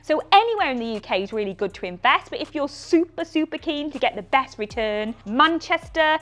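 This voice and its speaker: A woman's voice: high-pitched, animated, a little fast, a bit bright, soft background music. A middle-aged woman presenting property investment tips to camera in a punchy, enthusiastic, persuasive way. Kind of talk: scripted-feeling direct-to-camera explainer.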